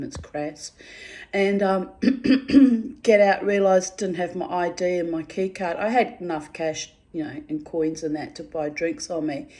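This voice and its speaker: A woman's voice: fairly low pitch, warm tone. A woman in a casual, rambling monologue, chatty and quirky, swearing freely and calling her listeners babies and darlings. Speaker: vlogger.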